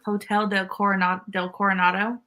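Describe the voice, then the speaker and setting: A woman's voice: medium pitch, little pitch movement, fairly quick, bright, forceful tone, faint music behind. A woman guest on a podcast telling a rambling story with lots of fillers and restarts. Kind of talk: casual chat.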